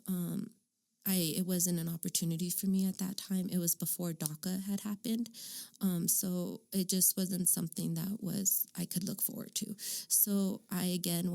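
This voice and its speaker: Woman, 30s, from Arizona; interviewee, low pitch, gravelly edge, candid and halting storytelling. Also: flat delivery, warm tone. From Arizona, United States. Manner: candid, frequent "um" and "like". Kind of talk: personal storytelling.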